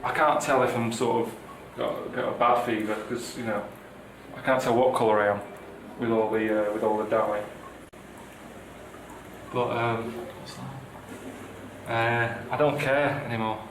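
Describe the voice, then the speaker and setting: A man, moaning in a deadpan, plain-spoken way as a travel show presenter, out in busy streets and at a campsite. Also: medium pitch, unhurried, background noise. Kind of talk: grumbling travel commentary.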